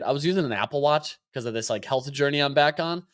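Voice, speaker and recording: Fast-talking chatty podcast man. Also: fairly high pitch, lively intonation, a bit bright. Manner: chatty, says like a lot. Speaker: podcast co-host. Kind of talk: casual chat.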